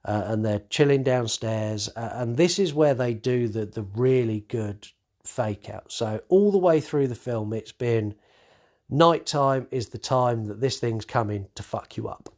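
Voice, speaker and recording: A podcast host recaps a horror movie in loose, casual chat, his mid-range voice darkish in tone and his pace measured. He swears freely, acts out the characters' lines, and keeps tripping into fillers and restarts.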